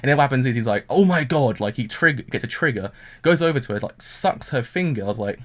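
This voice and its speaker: In a quick, rambling anime review, this medium-pitched man keeps dropping fillers and performs the characters' quotes while recounting the story. His intonation is lively and his tone casual.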